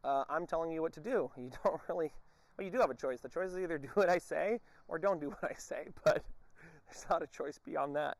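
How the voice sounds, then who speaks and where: A man's voice: fairly high pitch, brisk, vocal fry, dry recording. A man working as a dog trainer, explaining his methods to viewers while giving a dog short, firm commands during a training session outdoors. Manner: addresses viewers directly as folks.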